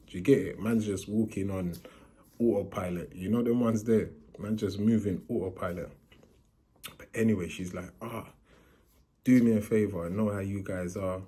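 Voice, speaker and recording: Slangy young London man, husky and mellow. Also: fairly low pitch. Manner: slangy, animated, acts out quoted voices. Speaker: storyteller. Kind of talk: casual storytime vlog.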